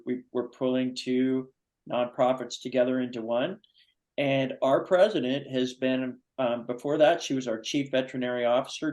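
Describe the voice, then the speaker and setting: A man hosting a foundation's live video-call show, chatting enthusiastically in a rambling way with many pauses. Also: mid-range voice, a little mellow, low-quality recording. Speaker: foundation vice president and host. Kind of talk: casual Zoom talk show chat.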